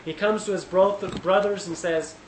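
A man with a slightly higher voice leads a relaxed Bible study, thinking out loud and restarting his sentences often. He livens up when he retells a scene. The room is echoey, with a faint hiss behind him. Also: moderate pace. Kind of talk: casual Bible study teaching.

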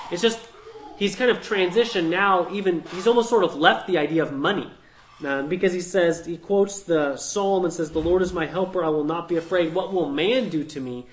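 A man's voice: high voice, low-quality recording. A man teaching through a Bible passage verse by verse, thinking aloud in a conversational way and checking in with "right?".

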